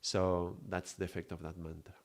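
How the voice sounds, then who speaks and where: A man's voice: low voice, little pitch movement, moderate pace. A man giving a live spiritual teaching, explaining patiently, often searching for words and checking in with his listeners. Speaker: Kundalini yoga teacher.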